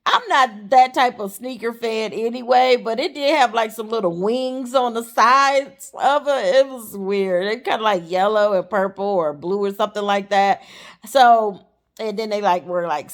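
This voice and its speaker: A woman's voice: mid-range voice, normal speed. A woman giving a casual, chatty recap of a TV episode, talking straight to her viewers and calling them honey. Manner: chatty and animated, calls the viewer honey and y'all. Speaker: TV show recapper.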